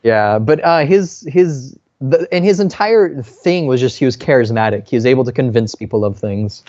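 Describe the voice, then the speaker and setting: A man's voice: animated, moderate pace, a little mellow, dry recording, highs cut off. A man co-hosting a podcast, telling a family story in casual chat and acting out the people in it. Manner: storytelling, acts out quoted people with raised pitch. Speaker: podcast co-host. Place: apartment in New York.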